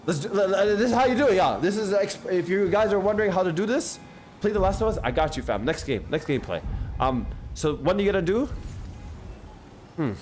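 A man streaming a video game, chatting excitedly and joking with his viewers. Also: high-pitched, a little fast. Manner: excitable, jokey, talks to chat. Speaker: gaming streamer. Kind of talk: live gameplay commentary. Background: game music.

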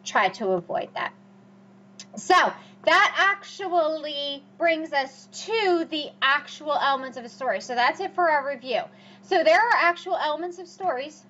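A woman teacher with a high, slightly bright voice gives a recorded lecture over slides, hiccuping as she goes. She repeats key points and drives them home with emphatic rhetorical questions. The recording is dull and lo-fi with a faint hum.

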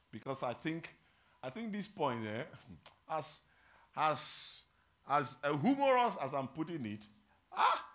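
A pastor teaching a Bible study, humorous and engaging with his congregation, moving between loud emphasis and quiet, earnest reflection. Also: a little high, slow, long pauses. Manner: animated, humorous, draws the congregation in with call-and-response.

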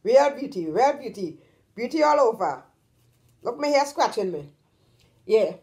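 This woman's voice is fairly high, sing-song and darkish, and she takes her time. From Trinidad, she hosts her own vlog, chatting to the camera emphatically, drawing out stressed words and asking "you understand?" again and again.

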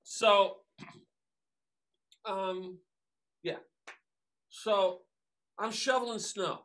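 A man's voice: high-pitched, very slow, a bit bright. A man from the New York area, a guest musician, telling stories casually with lots of fillers and acted-out quotes. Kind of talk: casual storytelling.

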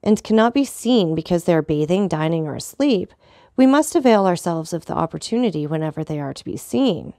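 A woman's voice: lowish voice, lively intonation, brisk, creaky, warm tone, dry recording, clean studio sound. A woman voicing a furious, trembling young nobleman. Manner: angry, trembling.

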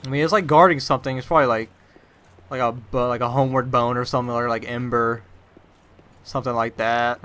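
Jumpy young man with a bright voice. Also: medium pitch, steady tone, fairly quick, clean tone. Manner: rambling, says "like" constantly, jumpy startled outbursts. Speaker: gameplay commentator. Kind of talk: casual let's-play commentary.

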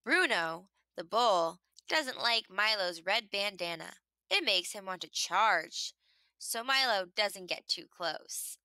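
Animated woman reading a children's story. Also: medium pitch, slow pace, dry recording. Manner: animated, expressive, makes animal sounds. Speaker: children's book reader. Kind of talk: read-aloud storytelling.

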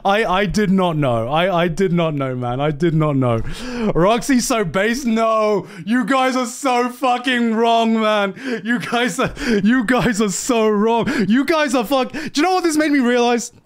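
Brief: young male streamer, high-pitched and unhurried, excitable, swears, repeats himself. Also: smooth. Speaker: anime streamer. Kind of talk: animated casual ranting.

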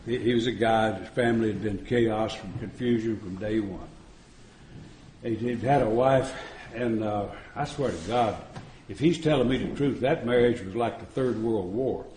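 A man's voice: on the low side, moderate pace, darkish tone, a little hiss or hum. A man speaking at a recovery retreat, telling stories in a folksy, joking way and chuckling often. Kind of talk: storytelling recovery talk. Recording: echoey room.

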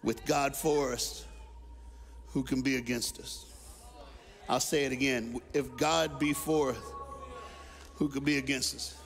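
A man guest-preaching at a church service, telling stories and calling on the congregation to respond, swinging from shouts to hushed tones. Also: on the high side, creaky. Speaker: guest speaker. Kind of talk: sermon.

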